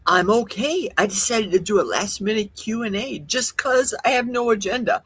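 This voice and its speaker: Chatty husky woman hosting a livestream. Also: on the high side, normal speed. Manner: chatty, rambling, animated with gasps and laughs. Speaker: livestream host. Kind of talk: casual live Q&A chat. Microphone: livestream setup.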